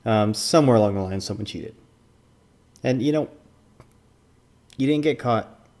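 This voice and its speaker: A man's voice: medium pitch, unhurried, darkish tone. A man and former card tournament judge giving casual commentary, rambling with lots of fillers and restarts.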